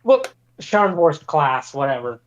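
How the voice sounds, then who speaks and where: A man's voice: on the high side, very animated, measured pace, dull audio. A man chatting and joking while playing a team game, short on sleep. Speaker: player. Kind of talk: casual game chat.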